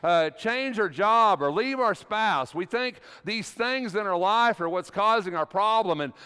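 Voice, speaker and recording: A man's voice: high-pitched, lively intonation, measured pace, sharp tone, clear, resonant tone, in a large hall. A middle-aged man preaching a sermon in a church, folksy and conversational, telling a personal story with frequent restarts. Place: church sanctuary.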